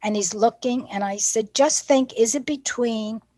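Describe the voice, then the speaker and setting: A woman's voice: on the high side, normal speed, no echo. A woman teacher trainer giving a professional development talk, telling classroom stories and acting out the dialogue. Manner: lively storyteller who acts out classroom dialogue.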